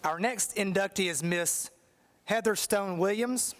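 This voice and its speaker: High-voiced ceremony emcee. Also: male voice, unhurried, fairly bright tone. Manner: formal, announcing. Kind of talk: formal announcing.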